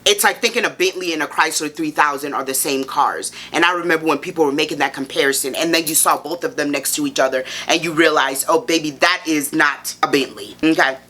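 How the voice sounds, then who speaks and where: A woman vlogger talks straight to camera in a sassy, playful review. Her voice sits a little low for a woman, with a bright, forceful edge to it. She keeps the tone animated and teasing. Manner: sassy, playful, animated, calls the viewer baby. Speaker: fashion vlogger.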